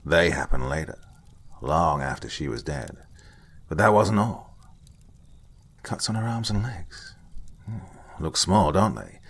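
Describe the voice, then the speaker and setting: A man playing an older, blunt forensic investigator who lectures in short, curt sentences with a husky voice. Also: a bass voice, unhurried, long pauses, full character voice. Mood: curt, lecturing. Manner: blunt, curt, lecturing, some lines whispered. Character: gruff veteran male forensic investigator, blunt.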